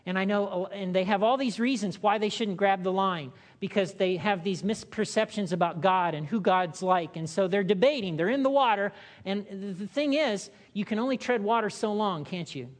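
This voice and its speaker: A woman pastor delivers a sermon in an easy, conversational way, full of rhetorical questions and little acted-out voices. Her pitch sits in a middle range. The sound carries a long reverb, like a large hall. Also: moderate pace.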